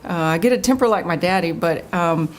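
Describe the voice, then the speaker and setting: A middle-aged woman from Oklahoma, a state official answering interview questions in an earnest, storytelling way that turns animated when she quotes people. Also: fairly low pitch, fairly quick, slight background noise.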